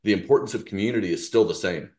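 A man co-hosting a casual recovery talk show, steady and organized as he promotes upcoming events. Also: fairly low pitch, very fast. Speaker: podcast co-host.

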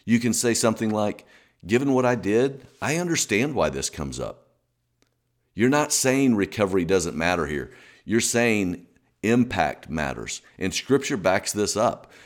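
Deep-voiced man giving an earnest teaching. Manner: earnest, repeats key points for emphasis. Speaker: Christian teacher for husbands. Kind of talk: teaching talk.

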